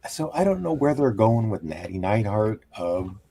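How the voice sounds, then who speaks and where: A man giving a casual, halting recap of a wrestling show on a podcast, with many pauses and restarts. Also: lowish voice, sing-song, dark tone, slight background noise.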